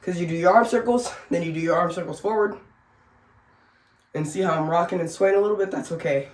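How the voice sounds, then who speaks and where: A woman's voice: lowish voice, darkish tone. Sick, breathless woman vlogging in an echoey room. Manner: chatty, joking, laughs at herself. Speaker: family vlogger. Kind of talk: casual instructional vlog.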